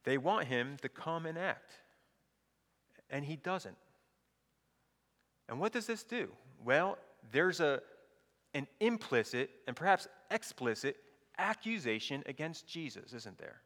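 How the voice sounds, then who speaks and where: Man, pastor, sermon, rhetorical questions, bright voice, long hall reverb. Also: fairly high pitch, animated, a little slow. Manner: reads scripture then preaches with rhetorical questions. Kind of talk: sermon with scripture reading.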